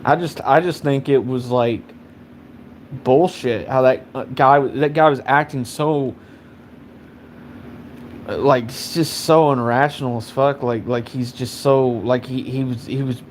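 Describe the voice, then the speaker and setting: A man's voice: mid-range voice, steady tone, measured pace, a little hiss or hum. A man in his twenties ranting casually on a live stream, rambling and profane with constant fillers. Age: 20s. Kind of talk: casual rant.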